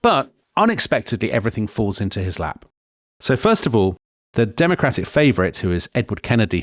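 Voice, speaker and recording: A man co-hosting a history podcast, telling the story in a lively, digressive way with frequent self-corrections. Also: lowish voice, dry recording, studio quality. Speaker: podcast co-host.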